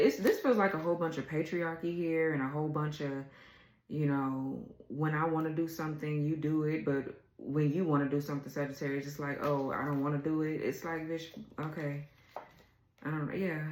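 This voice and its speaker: A woman's voice: low voice, moderate pace, darkish tone, echoey room, low-quality recording. A woman doing a casual tarot reading, blunt and exasperated, swearing freely as she reads the cards. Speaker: tarot reader.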